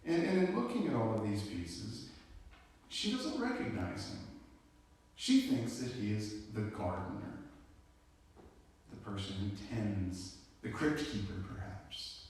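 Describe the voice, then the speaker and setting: A man's voice: fairly low pitch, big pitch swings, unhurried, pauses often, a little mellow, slight background noise. Man preaching in an echoey hall. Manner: conversational storytelling with casual asides. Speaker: pastor. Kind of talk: sermon. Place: church sanctuary. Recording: echoey church hall from far off.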